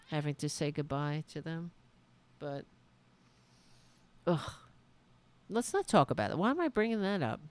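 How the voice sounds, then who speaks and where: Rambling, gravelly-voiced woman streamer. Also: lowish voice. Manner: rambling, effusive thanks to viewers; swearing, self-interrupting. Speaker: political talk show host. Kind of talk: casual livestream chat.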